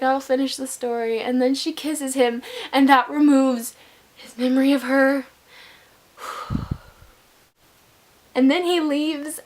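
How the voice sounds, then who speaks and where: Gushing young woman reviewing a book. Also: a little high. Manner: gushing, scatterbrained, emotional. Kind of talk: casual book review vlog.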